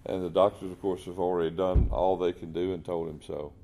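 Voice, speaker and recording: A man's voice: low-pitched, flat delivery, brisk, mellow. A man telling faith stories in a folksy, earnest way. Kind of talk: casual Christian talk.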